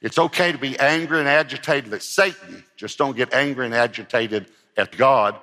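A man preaches a sermon as pastor, earnest and emphatic, using repeated phrases to drive his points home. His medium-pitched voice is bright and forceful at a normal speed, followed by a long reverb tail.

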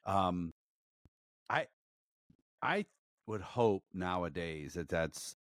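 A man's voice: deep voice, lively intonation, extremely slow, a bit bright, no room sound, studio quality. A man hosting a podcast, talking in a blunt, profane, joking way. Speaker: podcast host. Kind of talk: casual podcast chat.

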